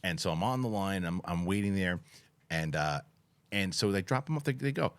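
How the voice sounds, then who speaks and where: Animated man telling a road story. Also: low-pitched, moderate pace. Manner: animated storyteller, acts out yelling voices, laughs. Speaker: podcast co-host. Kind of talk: casual storytelling chat.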